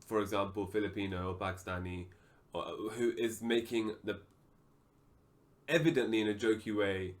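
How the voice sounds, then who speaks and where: A man's voice: on the low side, steady tone, normal speed. A man co-hosting a casual podcast chat, putting questions to his friends in a loose, swearing way. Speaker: podcast co-host.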